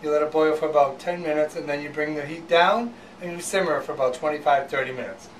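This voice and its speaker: A man's voice: a little high, steady tone, fast talker, recorded from a distance, slight background noise, poor audio. A man hosting a home cooking show, talking casually with fillers and restarts.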